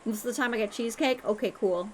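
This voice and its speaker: Young woman streamer, swears constantly, playful, slightly high voice. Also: fast talker, darkish tone, slight background noise. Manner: crude, swears a lot, playful. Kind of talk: casual live-stream chat.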